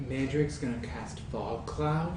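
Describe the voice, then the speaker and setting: A man playing a tabletop game, declaring his moves in an unhurried way. He sits away from the mic in a strongly echoing room with faint noise behind him. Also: mid-range voice. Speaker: player. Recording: distant mic in an echoey noisy room.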